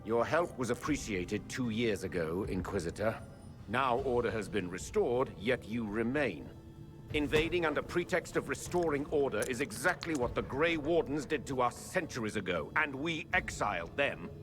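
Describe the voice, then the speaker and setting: A man's voice: medium pitch, animated, moderate pace, over music, lightly acted. Male actor as a proud, accusing ambassador, cold delivery, score under the dialogue. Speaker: game character.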